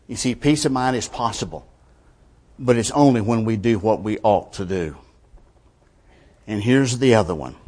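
Emphatic man preaching a sermon. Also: medium pitch. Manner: emphatic, rhetorical questions, swings between quiet and forceful.

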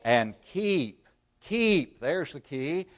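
Man preaching, swinging from loud to hushed. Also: mid-range voice, lively intonation, unhurried. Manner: rises loud for emphasis, then drops to a near-murmur; asks the congregation rhetorical questions. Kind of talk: sermon.

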